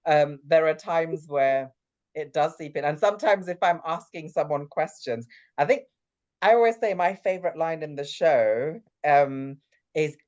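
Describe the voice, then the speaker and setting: Animated man telling stories. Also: on the high side, moderate pace, highs cut off. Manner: animated storyteller, laughs through anecdotes. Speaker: stage actor guest. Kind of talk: casual interview chat.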